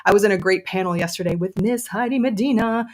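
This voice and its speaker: A woman's voice: medium pitch, fast, a little mellow. A woman hosting a casual livestream, chatty and enthusiastic, with many fillers. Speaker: podcast host and novelist.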